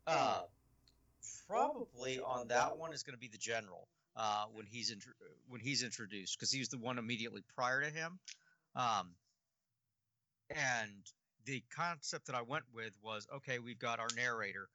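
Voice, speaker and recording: Writer guy talking shop, bright voice, dry close mic, lots of ums. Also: mid-range voice, lively intonation, normal speed, no echo, dull audio. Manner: thoughtful, uses fillers, punny. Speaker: writer, guest. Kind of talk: casual chat.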